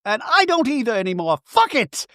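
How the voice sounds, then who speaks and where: A shrill, enraged reality-show woman, as a man puts her on hurls cursing accusations in a high, strained voice. Her pitch sits well above his own, climbing toward shouts. The sound is close and dry. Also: big pitch swings, normal speed, no echo, heavily acted. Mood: furious. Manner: heated accusatory ranting with heavy cursing. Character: furious woman reality star, confrontational.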